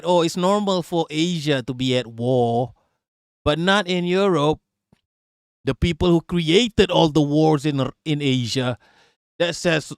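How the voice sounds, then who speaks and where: Man, streamer host, somewhat high voice, profane mocking rant, dry close sound. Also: no room sound. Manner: profane, mocking, laughs often. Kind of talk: casual reaction rant.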